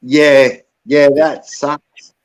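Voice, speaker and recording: A man's voice: on the high side, flat delivery, very slow, poor audio. An Australian man in his late forties hosting a casual stream chat, laid-back and swearing freely. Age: 40s. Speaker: host of a live music stream.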